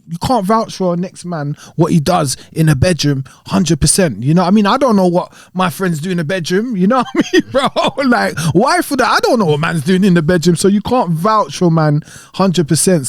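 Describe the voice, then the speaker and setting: High-voiced man, relaxed slangy chat. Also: no room sound, studio quality. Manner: slangy, laid-back, laughs easily. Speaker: podcast guest. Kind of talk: casual chat.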